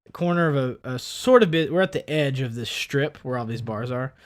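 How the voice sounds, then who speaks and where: A man co-hosting a podcast, telling a story in casual chat and acting out the people in it. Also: brisk. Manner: animated, acts out quoted people with big pitch jumps. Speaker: podcast co-host.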